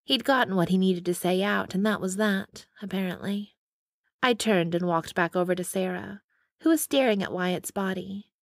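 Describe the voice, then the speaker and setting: A woman narrating a first-person romance audiobook in steady storytelling on a close studio mic. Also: medium pitch, moderate pace, dry recording. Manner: steady storytelling with dialogue voices.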